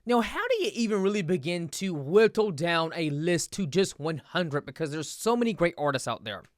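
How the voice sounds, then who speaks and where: A man's voice: fairly high pitch, big pitch swings, moderate pace, dry recording, clean studio sound. A man hosting a television talk show, asking questions in a playful, exclamatory way. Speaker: TV show host.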